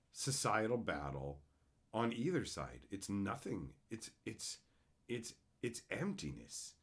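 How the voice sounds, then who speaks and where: A man ranting on a live stream, his pitch swinging widely as he talks. He is sarcastic and swears freely, and he breaks off to answer his chat. His voice sits at an ordinary middle pitch for a man. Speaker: streamer host. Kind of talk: profane livestream rant.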